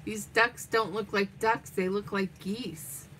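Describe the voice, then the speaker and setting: A woman's voice: mid-range voice, fairly even intonation, slow, a bit bright, slight background noise. An older woman hosting a crafting livestream, chatting in a meandering way while she cuts out pictures and reads a children's story aloud.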